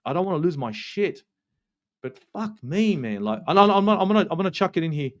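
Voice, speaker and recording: A man with an Australian accent and a voice pitched a little above the usual male range. He hosts a fan match review in a heated, ranting way, cursing freely and hammering points home by saying them twice. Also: sing-song, brisk. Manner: ranting, swears a lot, repeats himself for emphasis. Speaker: football channel host.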